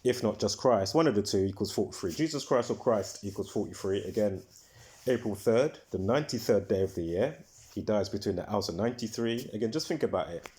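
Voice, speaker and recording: A man's voice: fairly low pitch, expressive, fairly quick, warm tone. Rambling man with repetitive fillers. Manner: repetitive, filler-heavy, restarts often; heated, swears when ranting. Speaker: video host. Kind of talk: casual rambling monologue.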